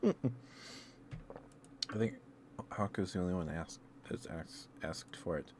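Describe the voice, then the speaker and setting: A man streaming ASMR, chatting softly with viewers in a gentle, affectionate and halting way. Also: low voice, noisy background. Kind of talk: soft-spoken ASMR chat with viewers.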